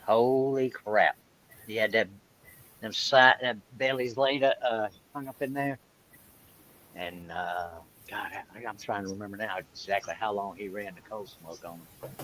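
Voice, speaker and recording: A man's voice: lowish voice, a little slow, fairly bright tone, poor audio. A man, chatting casually with earthy exclamations and farm memories. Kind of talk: casual chat.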